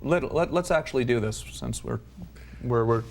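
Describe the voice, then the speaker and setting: Male host, excitable questioner, keeps restarting sentences; mid-pitch. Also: normal speed, vocal fry, a little hiss or hum. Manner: eager, incredulous questioning, stammering restarts. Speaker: talk-show host. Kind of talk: casual chat, interviewing.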